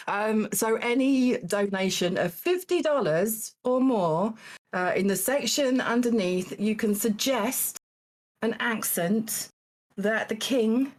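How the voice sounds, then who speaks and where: A woman hosting a live-streamed game show, halting and full of fillers, with dry teasing asides. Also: medium pitch. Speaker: game show host judging contestants.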